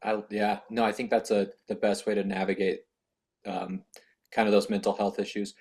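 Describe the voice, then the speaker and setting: A man's voice: on the low side, little pitch movement, normal speed, a little mellow. A man hosting a podcast, asking his guest supportive follow-up questions. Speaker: podcast host. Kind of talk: interviewing a guest.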